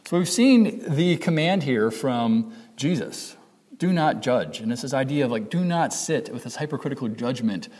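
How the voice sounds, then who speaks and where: Husky pastor preaching in an echoing hall. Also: male voice, mid-range voice, animated, normal speed, a little mellow. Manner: conversational, self-correcting, acts out quoted inner voices. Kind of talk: sermon.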